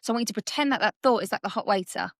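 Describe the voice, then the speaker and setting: A woman guest coach talking through mindset ideas in a lively, conversational way, often acting out little scenes. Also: medium pitch, very fast, vocal fry, dry recording, clean studio sound. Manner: animated, acts out little scenes in different voices.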